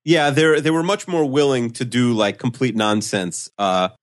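A man with a mid-range voice trades dry, wry comments as a podcast co-host in an easy, casual chat. He fills pauses with "uh" and "you know" as he goes. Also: mid-range voice.

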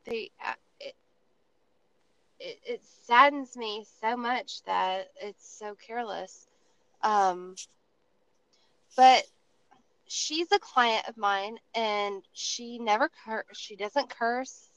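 A woman hosting a podcast, telling stories in a casual, profane, animated way with lots of restarts. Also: a little high, takes it slowly, long pauses, dry recording, rough recording. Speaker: podcast host.

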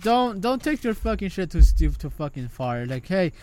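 A man talks in a loose podcast conversation, stumbling and restarting his sentences as he works out a point. He swears now and then, and his voice is a little high. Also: very animated, warm tone. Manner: halting, repeats words, profane. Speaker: podcast co-host. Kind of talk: casual podcast chat.

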